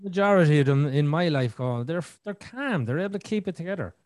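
A middle-aged man hosting a podcast in casual conversation, animated and talkative, repeating words and acting out his own thoughts. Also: fairly high pitch, a little fast, no echo, clean studio sound. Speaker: podcast host.

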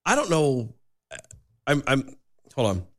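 Lively joking male radio co-host. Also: mid-range voice. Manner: joking, quick to laugh, lively. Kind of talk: casual radio banter.

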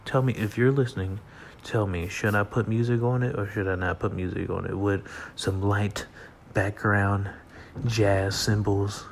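A man's voice: on the low side, steady tone, measured pace, gravelly, slight background noise. A man hosting a casual solo podcast at night, rambling in a laid-back way with fillers and frequent laughs, sleepy and yawning. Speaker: podcast host. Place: at home at night.

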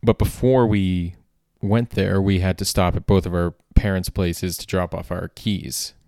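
Very low-voiced man, rambling podcast host. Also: steady tone, measured pace, creaky, warm tone, no echo, clean studio sound. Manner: rambling, heavy on filler words and self-corrections. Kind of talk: rambling comedic monologue.

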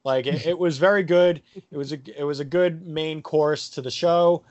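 A man's voice: fairly high pitch, steady tone, normal speed, darkish tone, no room sound, highs cut off. A man hosting a casual podcast, rambling with lots of fillers and crude jokes. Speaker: podcast host.

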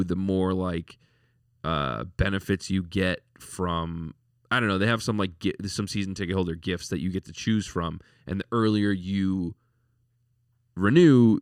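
A forty-year-old man chats loosely about his team on a podcast, circling back and restarting his sentences. His voice sits on the low side, and the sound is close and dry with no room around it. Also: clear, resonant tone, no echo. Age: 40s. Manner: rambling, repeats words, laughs often. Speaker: podcast co-host. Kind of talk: casual sports chat.

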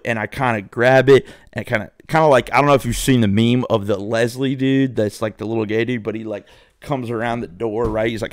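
A man's voice: mid-range voice, dry recording, clean studio sound. A young man telling a rambling, profane story to his viewers in a casual way. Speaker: vlogger.

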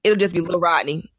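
A young woman in casual chat, telling animated stories and laughing often. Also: lowish voice, slightly rough, dry recording, studio quality.

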